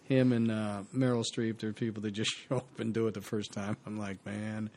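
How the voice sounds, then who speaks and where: Gravelly-voiced man telling stories. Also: fairly low pitch, moderate pace. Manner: animated storyteller, laughs mid-sentence. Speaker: actor guest. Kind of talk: casual anecdote telling.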